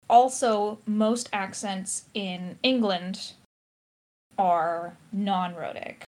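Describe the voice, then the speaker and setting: A woman's voice: mid-range voice, slow pace. American woman analyzing a book. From United States. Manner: analytical, thinks aloud with restarts and fillers. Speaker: podcast co-host. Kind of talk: casual discussion.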